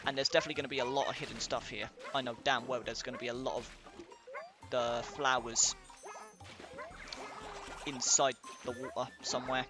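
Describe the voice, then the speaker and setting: A man's voice: mid-range voice, little pitch movement, brisk, pauses often, music in the background. A man giving casual let's-play commentary, rambling and thinking aloud with many fillers. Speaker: let's player.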